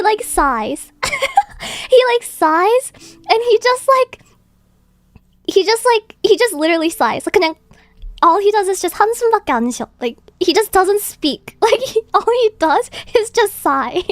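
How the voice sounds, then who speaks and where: A woman's voice: very high voice, dry recording. A woman streamer in casual chat, telling a rambling, filler-heavy story with frequent giggles.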